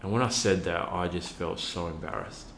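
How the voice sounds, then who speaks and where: Deep-voiced man with a bright edge. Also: moderate pace, gravelly, reverberant, slight background noise. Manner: earnest, candid, many fillers and restarts. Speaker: podcast guest, youth worker. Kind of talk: emotional personal storytelling.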